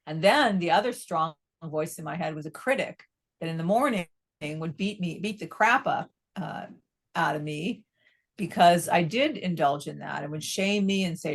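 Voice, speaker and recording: A middle-aged woman, a psychotherapist being interviewed, explaining in a measured way and often checking in with "right?". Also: fairly low pitch. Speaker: psychotherapist guest.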